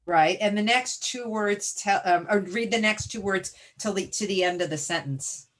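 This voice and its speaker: A woman teacher with a medium-pitched voice presents a reading webinar over a video call at normal speed. She leads the lesson with encouraging, directive step-by-step prompts, like in a classroom.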